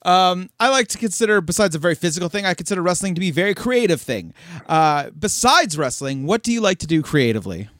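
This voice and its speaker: A man hosting a podcast, asking a guest a relaxed question. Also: high-pitched, fast, no room sound, studio quality. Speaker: podcast host. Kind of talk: interview questions.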